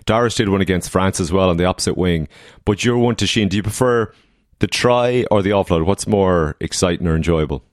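Irish male co-host, low voice, enthusiastic, dry studio sound. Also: fairly quick, no echo. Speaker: podcast co-host. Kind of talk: casual podcast interview.

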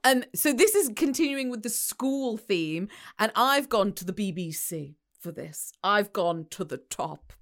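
An English woman co-hosting a podcast, laughing often and reacting with quick jokes. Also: on the high side. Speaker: podcast co-host. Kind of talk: casual chat, reading news aloud.

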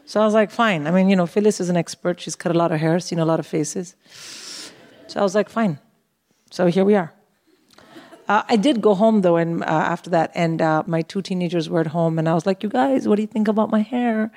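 A middle-aged woman co-hosting a live comedy show, telling a story in a wry, animated way and acting out the dialogue on stage. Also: lowish voice, quick pace. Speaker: comedian co-host. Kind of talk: stand-up storytelling.

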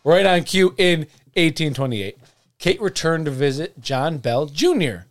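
A man's voice: fairly high pitch, animated, measured pace. A man co-hosting a podcast, telling a folklore story in a joking, profane, playful way. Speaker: podcast co-host. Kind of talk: casual comedic chat.

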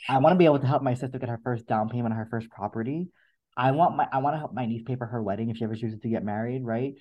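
A man's voice: medium pitch, rapid-fire, darkish tone, poor audio. A man as a podcast guest, talking in an earnest, reflective way and often repeating words as he gathers his thoughts. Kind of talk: emotional interview conversation.

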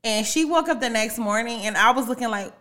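A woman's voice: fairly high pitch, fairly quick, very noisy. A young woman co-hosting a casual chat, teasing and laughing through playful banter.

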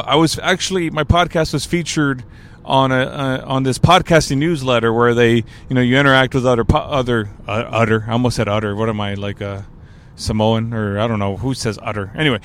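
A man's voice: medium pitch, a bit bright, smooth. A man in his thirties from Texas hosting his podcast, rambling through a casual solo monologue with joking asides while driving, talking into a portable recorder. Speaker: podcast host. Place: in a driving car. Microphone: portable recorder with mic.

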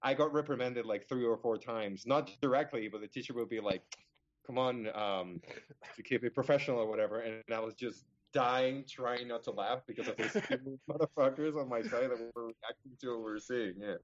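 A young man chats casually on a podcast and tells his story in loose, winding sentences full of fillers and false starts. His voice sits at an ordinary pitch. The recording sounds a little dull and lo-fi. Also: brisk, hardly any pauses. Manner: rambling storyteller, many fillers and restarts. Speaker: podcast co-host. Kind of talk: casual chat.

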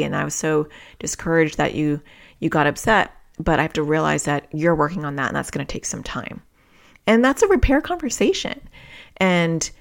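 A woman's voice: low voice, creaky. A middle-aged woman hosting a parenting podcast, talking candidly and reflectively while she speaks straight to her listeners. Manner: candid and self-reflective, addresses listeners directly. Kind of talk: reflective solo podcast talk.

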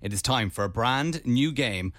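An Irish man hosting a radio show, running the segments in brisk, upbeat presenter patter. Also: medium pitch, animated, fairly bright tone, dry recording, studio quality.

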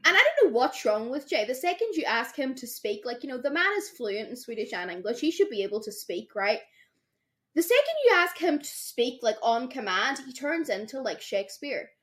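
Young woman, higher-pitched, podcast co-host; animated storyteller who acts out quotes. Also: moderate pace. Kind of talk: casual chat.

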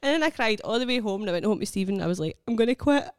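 A woman's voice: mid-range voice, animated, very fast, clear, resonant tone, no echo. Scottish woman, young stand-up, self-mocking and giggly, dead dry studio sound. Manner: laughing, self-deprecating storytelling. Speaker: comedian. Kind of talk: casual podcast chat.

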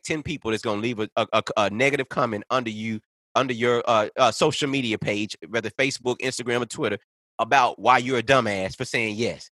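A man's voice: mid-range voice, pushed and bright, no echo. A man ranting in casual conversation, heated and profane, piling up point after point. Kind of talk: casual podcast rant.

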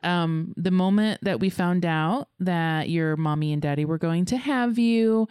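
Podcast guest, a woman and grandmother-to-be, emotional and gushing, lowish pitch, dry close sound. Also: measured pace, a little mellow, smooth, no echo. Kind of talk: casual chat.

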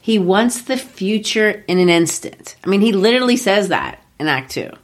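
A woman's voice: medium pitch, expressive, moderate pace. A woman co-hosting a podcast, casually and enthusiastically explaining a play, tapping out rhythms aloud as she talks. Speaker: podcast co-host. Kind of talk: casual explanatory chat about literature.

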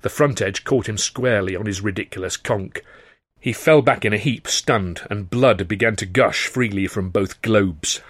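A man's voice: lowish voice, moderate pace, no echo. A man reading his own comic novel in the first person, in a wry, dryly comic storytelling manner. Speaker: author and reader.

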